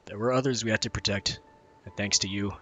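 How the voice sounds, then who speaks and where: A man voicing a grave, solemn male soldier from a fantasy game, reading slowly and stumbling over some words. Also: on the low side, steady tone, a bit bright, lightly acted.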